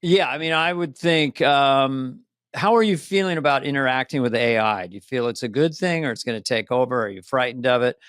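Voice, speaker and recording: An older man co-hosting a podcast in casual chat, rambling and animated, often slipping into little voices. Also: mid-range voice, a little fast, clean tone, no room sound, clean studio sound. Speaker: podcast co-host.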